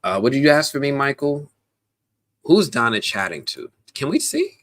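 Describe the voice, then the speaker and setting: A man hosting a casual live stream, chatty and animated, talking straight to his viewers with plenty of slang, fillers and restarts. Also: mid-range voice, moderate pace. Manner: slangy, addresses viewers directly.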